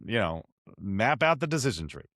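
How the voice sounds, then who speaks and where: A man hosting a podcast interview, telling stories in an animated, self-deprecating way with frequent restarts. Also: fairly low pitch, normal speed, no room sound, studio quality. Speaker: podcast host. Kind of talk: conversational interview.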